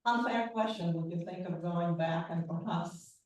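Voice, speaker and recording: A woman's voice: fairly low pitch, darkish tone. Echoey distant woman moderating a Q&A. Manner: halting, hesitant phrasing. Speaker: moderator, professor. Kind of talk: hosting a Q&A. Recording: roomy echo, far from the mic.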